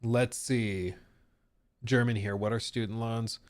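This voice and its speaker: A young man hosting a live stream, chatting casually and joking with his chat in an animated way. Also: medium pitch, slow, dry recording, clean studio sound. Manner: animated, jokey, reacting to chat. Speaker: streamer host.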